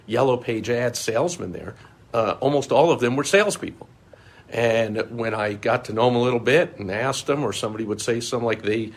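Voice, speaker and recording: A middle-aged man and marketing consultant in a solo podcast monologue, telling stories in an animated way and acting out the voices of people he quotes. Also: medium pitch.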